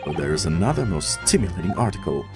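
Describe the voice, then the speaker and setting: A man with a Russian accent reading the lines of a pompous, eccentric male detective in a theatrical, drawn-out way, with game music behind. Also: low voice, sing-song, pitched below the performer's own voice. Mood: grandiose.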